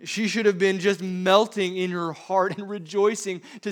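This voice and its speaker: A man with a high voice, preaching a sermon. He leans on rhetorical questions and lurches from loud stresses to hushed, quiet asides. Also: steady tone, moderate pace, few pauses. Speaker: pastor.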